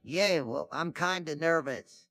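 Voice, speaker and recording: A man's voice: fairly high pitch, takes it slowly, bright, forceful tone, full character voice. A synthetic man's voice playing a nervous, jittery middle-aged chain-smoking neighbor in a parody cartoon. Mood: plain.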